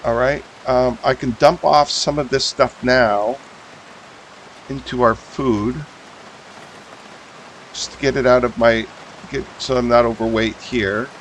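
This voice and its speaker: On poor audio with rain hissing faintly underneath, a man streams a survival game and talks to himself as he organizes his gear. He speaks slowly and steadily at a mid pitch, pausing often. He thinks aloud, mumbling ums and starting sentences he doesn't finish.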